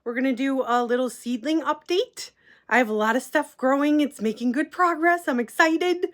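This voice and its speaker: A woman's voice: sits high, normal speed. A woman hosting a casual gardening vlog, chatting upbeat about her seedlings indoors, with lots of "um" and "like". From United States. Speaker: gardening channel host. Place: indoors at a window plant rack.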